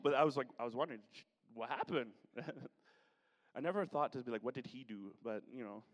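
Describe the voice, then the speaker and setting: A man preaching a conversational sermon to his congregation, with joking asides. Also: mid-range voice. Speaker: pastor. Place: church sanctuary. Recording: long hall reverb.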